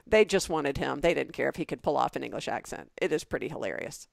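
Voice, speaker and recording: A middle-aged Southern woman, a podcast co-host, chatting and telling stories with lively quoted voices. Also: low voice, fast, gravelly, no echo, studio quality. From American South. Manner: animated storytelling with quoted voices. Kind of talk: casual chat.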